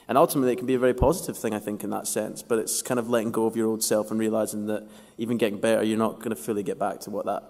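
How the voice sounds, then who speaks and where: A man's voice: fairly low pitch, darkish tone. A young male actor answering fan questions at a convention panel, hesitant, with many restarts and laughs. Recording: long hall reverb.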